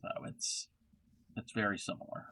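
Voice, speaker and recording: A man's voice: normal speed, bright, forceful tone. A middle-aged man who hosts a crochet livestream, rambling casually as he answers chat. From Baltimore area, Maryland. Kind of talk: casual live-stream chat.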